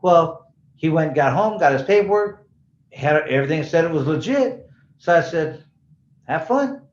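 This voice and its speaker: A man's voice: on the high side, expressive, normal speed. A middle-aged man, a bail bondsman, telling stories loosely in a casual interview and acting out the voices of people he quotes. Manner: loose, rambling storyteller who acts out quoted voices. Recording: roomy, dull-sounding room.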